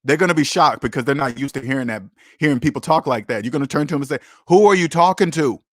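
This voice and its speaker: A man's voice: medium pitch, rapid-fire, a bit bright, no echo, clean studio sound. A man hosting a casual livestream, talking bluntly and emphatically, with profanity and lots of repetition. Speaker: livestream host.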